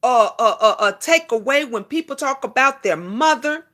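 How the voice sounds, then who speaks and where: Speaking at an ordinary pace with a fairly high, fairly bright voice and lively intonation, this woman preaches to viewers on her casual live stream. Emphatic repetition runs through her talk as she addresses everyone as honey and names the commenters she thanks.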